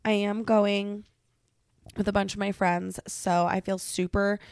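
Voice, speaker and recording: A woman's voice: mid-range voice, little pitch movement, unhurried, darkish tone, no echo, clean studio sound. A young woman hosting a podcast, venting alone in her bedroom while sick, profane, rambling and self-mocking. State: sick and congested. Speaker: podcast host. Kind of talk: casual venting monologue.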